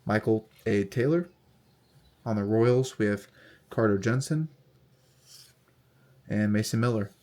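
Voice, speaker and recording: A young man casually talking through a card unboxing, reading off player names in a steady, relaxed list. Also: on the low side, unhurried, pauses often. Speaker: card collector unboxing host.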